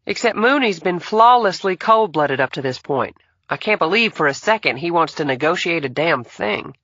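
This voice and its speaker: A woman's voice: fairly low pitch, animated, moderate pace, a bit bright, dry recording, lo-fi sound. A woman playing a tough detective, clipped and urgent, in an audiobook. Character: tough female detective partner. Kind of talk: audiobook dialogue.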